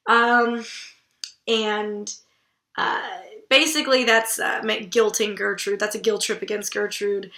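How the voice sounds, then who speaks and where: Blunt, bright-voiced woman vlogger. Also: medium pitch, steady tone, a little slow, echoey room. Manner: blunt and irreverent, swears casually. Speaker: book vlogger host. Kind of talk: casual literary commentary.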